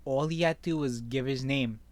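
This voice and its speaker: A man's voice: medium pitch, moderate pace, dry recording. A man commentating on news stories he reads aloud, opinionated and often tagging his sentences with "okay?". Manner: opinionated, with frequent "okay?" tags. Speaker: online commentator. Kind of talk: reading and reacting to news stories.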